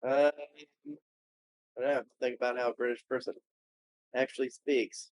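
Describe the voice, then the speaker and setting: A man's voice: mid-range voice, level tone, normal speed, darkish tone, no echo. A man co-hosting a podcast in casual chat, hesitant and laughing. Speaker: podcast co-host.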